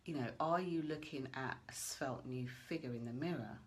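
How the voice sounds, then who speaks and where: A woman coaching listeners through a goal-setting visualization in a gentle, coaxing way, asking many questions. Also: a bass voice, normal speed. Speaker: motivational coach. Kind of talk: guided visualization talk.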